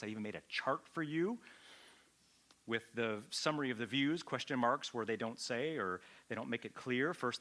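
Emphatic male pastor, bright voice. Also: mid-range voice. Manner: emphatic, rises to loud peaks on key points; addresses listeners directly with questions. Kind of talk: sermon teaching.

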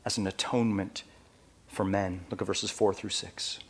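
A man preaching a sermon, swinging between quiet, measured passages and loud, emphatic ones. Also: sits low, little pitch movement, a little hiss or hum. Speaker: pastor.

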